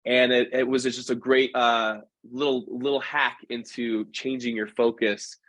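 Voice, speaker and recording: A man telling stories as a podcast guest, talking casually and quickly correcting himself. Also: medium pitch, no echo. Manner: animated, acts out quoted voices, quick self-corrections. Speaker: guest, professional dancer. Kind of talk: casual storytelling in a podcast conversation.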